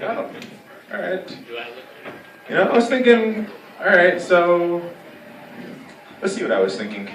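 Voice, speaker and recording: A man's voice: sits high, sharp tone. Young man rambling through stand-up. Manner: rambling, halting delivery full of "like" and "you know". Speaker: stand-up comedian. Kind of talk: stand-up comedy set. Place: comedy club stage. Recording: echoey room, heard from a distance. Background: audience laughter.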